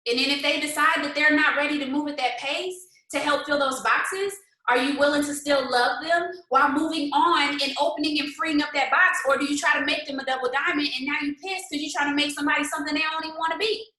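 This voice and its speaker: A woman leading a motivational livestream for her sales team, animated and talking straight to viewers in the comments. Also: high-pitched, quick pace, few pauses, echoey room, poor audio. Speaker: network marketing team leader.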